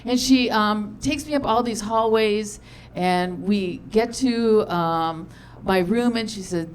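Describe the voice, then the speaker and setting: A middle-aged woman on a comedy stage, rambling through a personal story with lots of "um"s and quoted back-and-forth. Her voice sits at an ordinary pitch for a woman, and a faint hum of the room hangs behind her. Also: a little slow. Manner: chatty, self-deprecating, many fillers and quoted dialogue. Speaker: stand-up comedian. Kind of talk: storytelling stand-up set.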